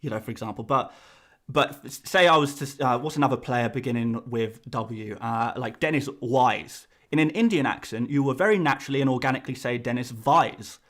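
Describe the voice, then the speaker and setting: An English man hosting a live fantasy football stream, talking casually to his chat in a rambling, exasperated way. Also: brisk. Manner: animated, rambling, voice jumps high when exasperated.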